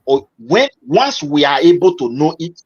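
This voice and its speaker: A man calls into a live debate and builds his argument like a speech, point by point. His voice is slightly high and husky. The call audio sounds dull and lo-fi. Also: sing-song. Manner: deliberate, speechmaking. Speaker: caller.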